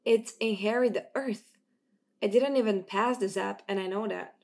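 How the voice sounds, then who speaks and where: A woman reading the part of an earnest teen boy who is a guarded, proud sports fan, in her own slightly gravelly voice. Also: mid-range voice, moderate pace, close to an everyday voice. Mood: easygoing. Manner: guarded, easily teased.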